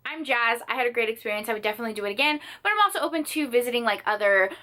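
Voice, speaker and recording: A woman's voice: on the high side, expressive, racing, bright, forceful tone. A young woman chatting in a bubbly, gushing way for her book haul vlog, telling dramatic stories from her room. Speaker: book vlogger. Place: sitting on the floor of her room.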